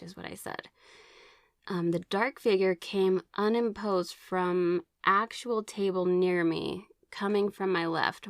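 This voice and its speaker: A woman's voice: lowish voice, dry recording, clean studio sound. Chatty woman recounting her experiences. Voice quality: occasional throat clearing. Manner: chatty, rambling with many fillers and restarts; reads aloud from her own notes. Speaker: vlogger sharing personal experiences. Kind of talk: casual personal storytelling.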